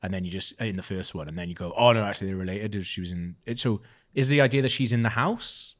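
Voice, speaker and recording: A man from Wales, co-hosting a casual film podcast in a rambling, animated way. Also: fairly low pitch, fast talker. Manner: rambling, animated, with many restarts. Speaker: podcast co-host.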